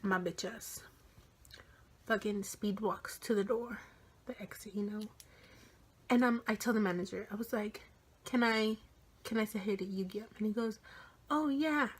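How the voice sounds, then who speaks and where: Young woman vlogger, 18, excited storytelling with heavy swearing and whispered asides. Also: medium pitch, normal speed, pauses often, slightly rough. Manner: animated, swears a lot, drops into whispers. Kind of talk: casual storytime vlog.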